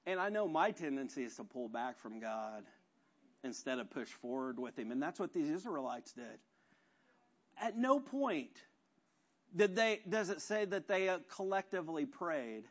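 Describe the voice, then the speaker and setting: Pastor guy, kinda high voice, chatty sermon, pokes fun at himself, dull muffled recording. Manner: conversational, self-deprecating, rhetorical questions.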